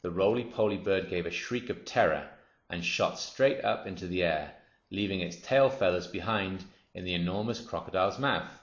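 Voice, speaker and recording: A man narrating a children's story aloud in a steady, expressive reading voice. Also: deep voice, normal speed. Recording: roomy, dull lo-fi.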